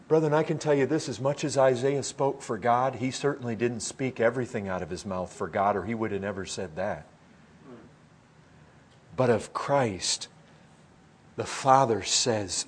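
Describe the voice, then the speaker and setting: Husky-voiced man preaching a sermon. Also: medium pitch, measured pace. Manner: earnest, swells loud then drops hushed.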